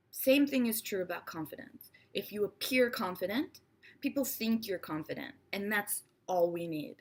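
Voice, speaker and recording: A woman giving an online English lesson in a lively, expressive, playful teacher's voice. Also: medium pitch.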